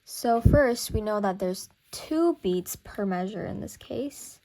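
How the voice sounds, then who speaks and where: Slow, relaxed young woman tutor. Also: medium pitch. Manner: relaxed, thinking aloud, counting beats slowly. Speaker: music theory tutor. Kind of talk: casual recorded lesson.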